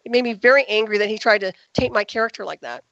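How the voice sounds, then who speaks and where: A woman's voice: on the high side, quick pace, gravelly, fairly bright tone, no room sound. A woman guest on a call-in radio interview, telling her story in an emphatic, indignant way. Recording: dull, dry lo-fi recording.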